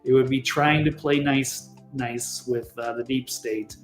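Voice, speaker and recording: A man's voice: mid-range voice, fairly even intonation, measured pace, reverberant, faint music behind. A man talking as a guest on a political talk show, blunt and exasperated, swearing freely.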